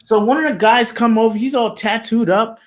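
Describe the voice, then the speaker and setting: A man's voice: very high voice, a little fast. A man being interviewed, telling a story in loose, slangy, profane casual talk with lots of "you know". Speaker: interview guest.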